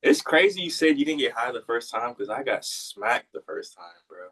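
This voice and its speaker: A man's voice: medium pitch, sing-song, normal speed, a bit bright. A man interviewing casually in a laid-back, slangy way. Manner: laid-back, slangy, reacts with short fillers. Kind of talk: casual chat. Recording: distant from the mic.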